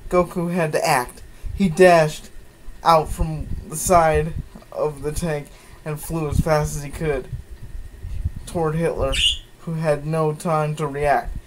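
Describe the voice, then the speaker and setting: A man's voice: a little high, steady tone, takes it slowly, background noise. A man giving a mocking dramatic reading of fan fiction, breaking off with incredulous asides. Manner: incredulous asides, sighs and laughs. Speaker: comedic fan-fiction reader.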